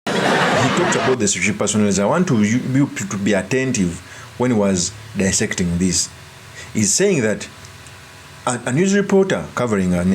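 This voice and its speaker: A man giving earnest, deliberate political commentary and breaking off to restart his sentences. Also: on the low side, darkish tone, slight background noise.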